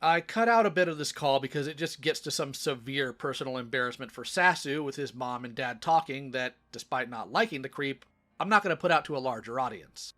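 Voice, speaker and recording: A man's voice: medium pitch, expressive, fairly quick, fairly bright tone. A man narrating commentary between call recordings in a dry, matter-of-fact way. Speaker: channel host narrating.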